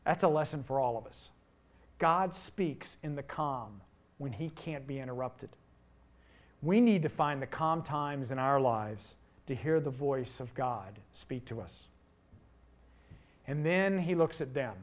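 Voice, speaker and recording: A middle-aged man preaching a sermon, telling the story with rhetorical questions and rising to loud emphasis. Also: medium pitch, lively intonation, a little slow. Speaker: pastor.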